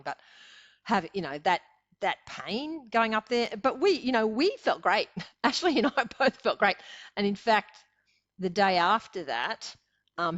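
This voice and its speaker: A woman's voice: on the low side, fairly bright tone. Chatty older Australian woman, dull audio. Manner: chatty, rambling, frequent laughter and fillers. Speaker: guest. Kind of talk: casual storytelling interview.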